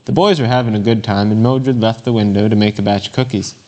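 A man's voice: on the low side, steady tone, mellow. Man plainly reading a devotional story aloud. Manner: plain, unhurried reading aloud with occasional slips and fillers. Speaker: Bible lesson reader.

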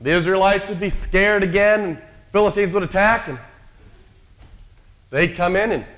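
Man preaching, fairly high voice. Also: normal speed, fairly bright tone. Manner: storytelling with acted-out quotes, conversational. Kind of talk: sermon.

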